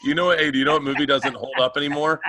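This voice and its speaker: A man's voice: a little high, flat delivery, rapid-fire, pushed and bright, slight background noise. A man co-hosting a podcast, rambling and stammering through stories in casual banter. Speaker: podcast co-host.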